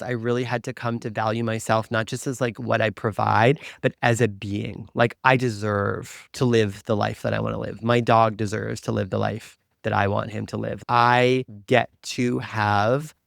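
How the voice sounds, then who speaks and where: A man's voice: lowish voice, creaky, dry recording, studio quality. A man hosting a podcast, telling a personal story in an earnest, confessional way, with many "like" fillers. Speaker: spiritual coach and podcast host.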